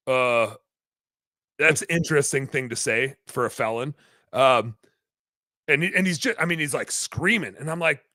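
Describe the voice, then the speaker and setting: A man hosting a podcast, telling a long story in a rambling, animated way, full of fillers. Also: medium pitch, normal speed, dry recording. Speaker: podcast host, business owner.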